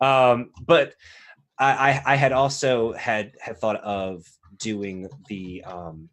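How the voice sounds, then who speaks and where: A man's voice: fairly low pitch, steady tone, slow, a bit bright. Casting: man from South Carolina, laughs a lot, loose rambling podcast chatter. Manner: laughing often, rambling with restarts. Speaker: player on the show. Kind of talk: casual podcast chat.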